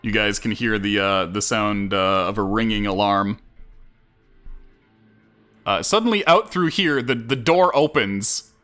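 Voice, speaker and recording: Casting: male game master, bright tense voice, halting narration over faint music. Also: lowish voice. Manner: halting, many fillers and restarts. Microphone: headphones headset.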